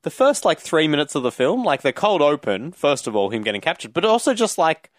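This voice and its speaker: A man co-hosting a casual film chat, talking eagerly in quick bursts and laughing between thoughts. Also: fairly high pitch, sing-song, dry recording, studio quality. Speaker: podcast co-host.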